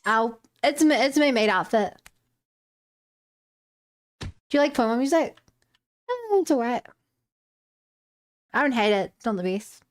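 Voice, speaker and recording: A woman's voice: on the high side, lively intonation, normal speed, long pauses. A young woman streamer chatting casually with viewers while she works on her art, rambling and greeting people with plenty of "um"s and restarts. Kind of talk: casual live-stream chat while drawing and rigging.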